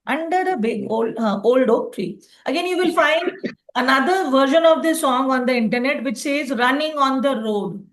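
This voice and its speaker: A woman's voice: sits high, moderate pace. A woman teaching a phonics lesson online, explaining patiently and checking in with "okay" often.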